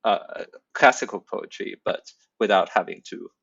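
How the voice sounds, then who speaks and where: Hesitant man with a gravelly low voice. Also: normal speed, fairly bright tone, no echo, lo-fi sound. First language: not English. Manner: hesitant, many ums, thoughtful. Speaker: poet in a workshop. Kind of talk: casual discussion.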